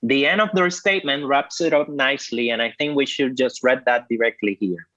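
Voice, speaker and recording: A man's voice: medium pitch, a little fast, a bit bright, no room sound, lo-fi sound. Man co-hosting a podcast, dry sound. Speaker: podcast co-host, professor. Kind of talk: scripted podcast reading.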